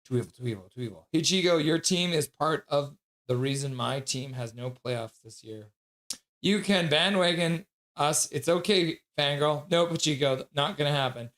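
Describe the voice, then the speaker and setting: Male streamer, a touch high in pitch, reads chat aloud, casual, laughs a lot, bursts into excited yells. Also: normal speed. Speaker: livestream host.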